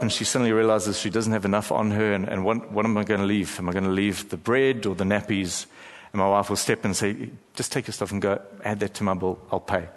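A middle-aged man preaching a sermon as pastor, telling stories with emphatic pauses and dramatic slow-downs. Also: medium pitch. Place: large church hall. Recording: long hall reverb.

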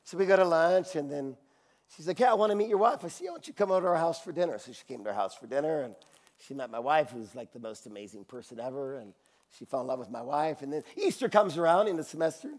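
A man preaching a sermon, telling a personal anecdote with acted-out voices, laughing often and dropping to a quiet, intimate tone for serious moments. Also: expressive, fast. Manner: drops to a quiet, low, intimate tone for serious parts. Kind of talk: sermon storytelling.

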